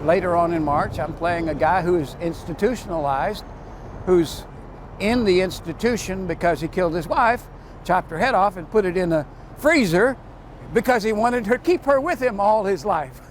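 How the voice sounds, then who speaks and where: An older man from Shreveport, a character actor telling animated stories in an interview. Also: sits high, normal speed, a little hiss or hum. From Shreveport, Louisiana. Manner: animated storytelling, acts out quotes. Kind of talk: interview soundbites.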